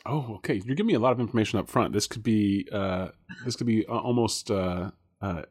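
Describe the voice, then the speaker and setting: A man's voice: lowish voice, fairly quick, darkish tone, slightly rough. A man co-hosting a casual podcast, rambling with many fillers and restarts and laughing often. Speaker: podcast co-host guessing films.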